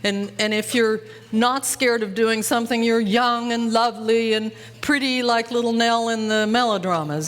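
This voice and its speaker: A woman's voice: a little high, normal speed, hardly any pauses. A woman in her seventies from Utah, telling folksy stories in a keynote speech. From Utah, USA. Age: 70s. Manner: folksy, animated storytelling. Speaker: keynote speaker. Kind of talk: storytelling speech. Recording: live hall with faint clatter.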